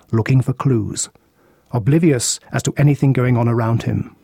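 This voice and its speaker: A man reading a detective story aloud in a steady, even narration. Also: medium pitch, breathy edge, no room sound, clean studio sound.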